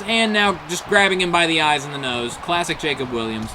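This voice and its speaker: A man calling wrestling matches play-by-play, excitable, packed with exclaimed "oh"s and chuckles at the big moments. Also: on the high side, a little fast, few pauses, slight background noise. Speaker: play-by-play commentator.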